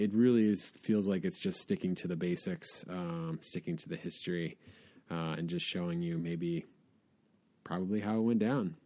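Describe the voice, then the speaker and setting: A man's voice: on the low side, mellow. A man co-hosting a casual film review chat, laid-back, with a dry, teasing touch.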